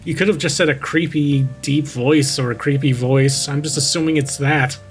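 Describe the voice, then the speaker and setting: Male vtuber, slightly high voice, mocking story reader, close mic, faint guitar behind. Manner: sarcastic, interrupts the story to make fun of it. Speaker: vtuber reading a creepypasta. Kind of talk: reading a story aloud with mocking commentary.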